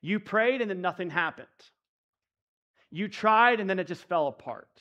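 Soft-spoken, then stirring male preacher. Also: sits high, animated, moderate pace, dull audio. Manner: intimate preaching that swings from hushed to emphatic. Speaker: pastor. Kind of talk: sermon.

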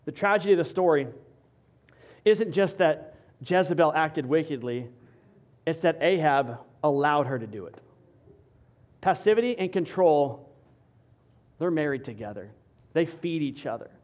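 Pastor guy preaching, highish voice, punchy repeated lines, kinda dull lo-fi audio. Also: animated, a little slow, long pauses. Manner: emphatic, repetitive rhetorical cadence, drops to quiet for stress. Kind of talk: sermon.

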